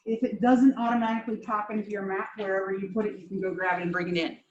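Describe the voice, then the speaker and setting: A woman instructor talks students through a software demo in a plain, mid-range voice. She is blunt and informal, tossing off candid asides as she goes. The recording sounds slightly muffled. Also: mid-range voice, quick pace. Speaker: GIS instructor. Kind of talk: classroom software demonstration.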